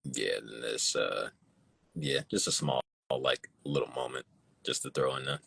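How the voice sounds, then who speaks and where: Super deep gravelly dude, husky, chill short answers. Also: male voice, measured pace, fairly bright tone, no echo. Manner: laid-back, brief replies, laughs often. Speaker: guest comic creator. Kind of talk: casual chat.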